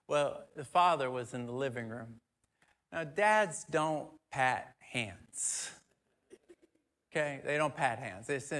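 A man preaching a sermon through personal stories, dropping to a soft near-whisper for emphasis. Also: mid-range voice, a little slow.

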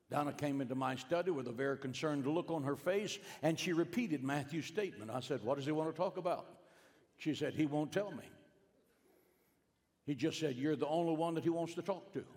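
A middle-aged male pastor telling a family story in a sermon, swinging from hushed lines to emphatic bursts. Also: fairly high pitch. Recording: long hall reverb.

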